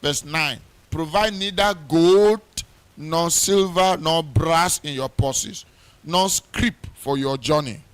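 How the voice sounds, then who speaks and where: A man's voice: on the high side, slow, clear, resonant tone. A middle-aged man preaching at a pre-wedding church service, reading scripture aloud with rising emphasis, repeating words and using many fillers. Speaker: pastor. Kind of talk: wedding sermon.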